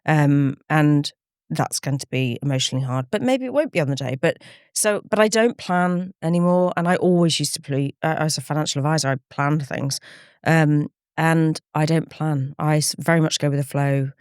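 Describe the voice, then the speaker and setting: A woman's voice: low voice, normal speed, darkish tone, smooth, no room sound, clean studio sound. A middle-aged woman speaking candidly as a campaigner in an interview, earnest and reflective, often retelling conversations in quoted speech. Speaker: campaigner guest.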